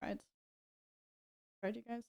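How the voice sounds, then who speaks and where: A woman streamer chatting casually with her viewers, chatty and quick to apologize and giggle. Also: darkish tone. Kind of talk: casual live-stream chat.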